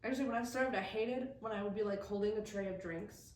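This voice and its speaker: A young woman co-hosting a podcast, chatty and quick to laugh. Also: medium pitch, darkish tone. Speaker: podcast co-host. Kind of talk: casual chat. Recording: roomy echo, mic at a distance, faint hiss.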